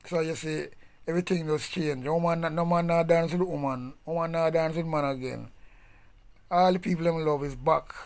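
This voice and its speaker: A man's voice: on the high side, steady tone, moderate pace. A man with a Jamaican accent delivering a blunt, profane ranting monologue in patois. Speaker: vlogger.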